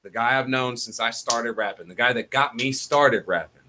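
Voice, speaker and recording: A man's voice: mid-range voice, normal speed, bright, forceful tone. A man from Ohio who is a rapper, chatting as a regular on a radio talk show and explaining things in a matter-of-fact way. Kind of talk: casual banter on radio.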